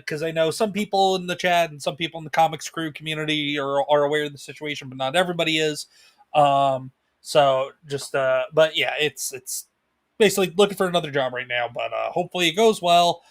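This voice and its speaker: A man's voice: fairly high pitch, a little fast. A man co-hosting a casual livestream chat with his wife, talking in a laid-back, rambling way with fillers and laughs. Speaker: co-host. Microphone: home desk mic, video call.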